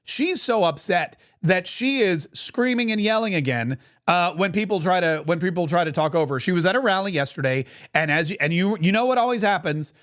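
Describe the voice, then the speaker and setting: Guy ranting on his politics podcast, kinda high voice, sarcastic and punchy. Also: lively intonation, brisk, hardly any pauses, a bit bright. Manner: sarcastic, emphatic, mocking. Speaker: podcast host. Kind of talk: political commentary.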